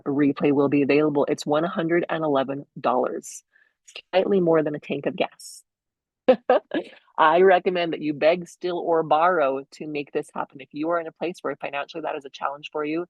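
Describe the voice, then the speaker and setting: A woman in her thirties hosts her own inspirational podcast. Her voice has a gravelly fry to it, and the recording is close and dry. She talks earnestly and with real enthusiasm, easing into soft, hushed passages. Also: sits low, no room sound, low-quality recording. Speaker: podcast host. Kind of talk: inspirational solo podcast talk.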